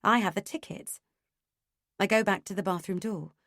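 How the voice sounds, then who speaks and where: A woman reading a first-person thriller audiobook in a tense, measured way. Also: mid-range voice, fairly bright tone, dry recording, clean studio sound. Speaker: audiobook narrator.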